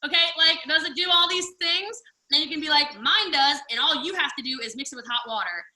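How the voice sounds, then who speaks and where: A woman giving lively sales coaching on a video call, chatty and full of acted-out customer quotes. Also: high voice, fairly quick. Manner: chatty, drawls "y'all", acts out quoted customers. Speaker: guest speaker. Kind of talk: animated sales coaching talk. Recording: echoey video call audio, slightly distant.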